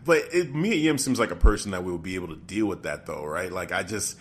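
Low-voiced man in casual chat. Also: lively intonation, a little fast, a little hiss or hum. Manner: thinks aloud, breaks off and restarts sentences.

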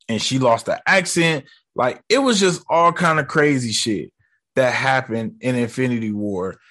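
A man casually ranking movie moments for his viewers, talking loose and slangy with frequent swearing. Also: mid-range voice. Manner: loose, slangy and profane, talks straight to viewers. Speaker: movie vlogger.

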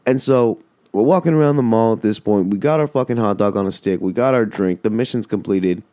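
A man's voice: lowish voice, brisk, mellow, dry recording. A man casually telling a story, rambling and swearing, with lots of "like". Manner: rambling, profane, full of "like".

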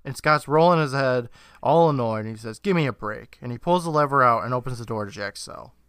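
A man with a bright, forceful voice recaps a TV episode for a podcast. He talks in a loose, laughing way, swears freely and slips into quick character impressions. His voice sounds dry and close, with no room echo. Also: medium pitch, clean tone. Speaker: podcast co-host.

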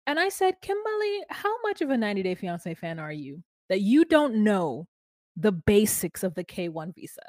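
A woman co-hosts a podcast, recapping a reality show in loose, joking chat. Her voice sits at a medium pitch, recorded close with a dry, dead sound. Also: sing-song, normal speed, a little mellow, dry recording. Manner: chatty, joking, sings silly made-up lyrics. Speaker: podcast co-host.

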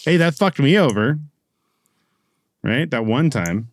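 A man's voice: medium pitch, animated, slow, dry recording. A man co-hosting a podcast, mocking his friends and often dropping to a mutter in casual banter. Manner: mocking, laughing, drops to a mutter. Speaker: podcast co-host.

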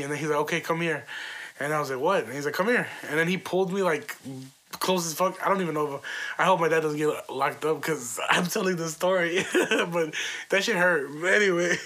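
Bright-voiced young man telling stories. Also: a little high. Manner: loose, profane, laughs through the story. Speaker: podcast host. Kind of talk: casual storytelling monologue.

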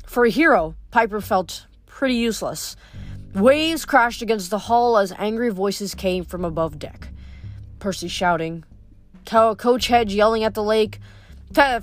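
A woman reading a novel aloud in a steady storytelling voice, stumbling over a word now and then. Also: medium pitch. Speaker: audiobook reader.

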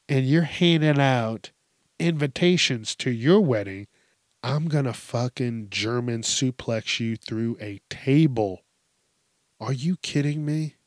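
A young man drawls through a casual commentary, cursing freely and breaking into laughter. His delivery is slow and unhurried, and his voice sounds dry and close to the mic, with no room echo. He vents in playful mock outrage. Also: medium pitch. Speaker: story commentator. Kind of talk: casual commentary on reader stories.

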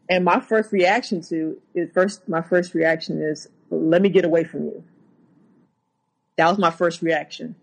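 A woman, a guest on an interview show, recounting a personal story haltingly, with many restarts. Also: fairly low pitch, husky, low-quality recording.

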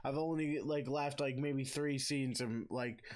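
A man at an everyday middle pitch chats casually on a podcast. He teases his co-host and stumbles over a word now and then before laughing it off. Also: steady tone, measured pace. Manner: teasing, trips over words.

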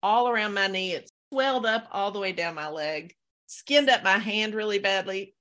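A woman's voice: mid-range voice, normal speed. A woman guest on a podcast, animatedly telling a story and laughing as she goes. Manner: animated storyteller, laughs through her tale. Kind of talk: casual interview storytelling.

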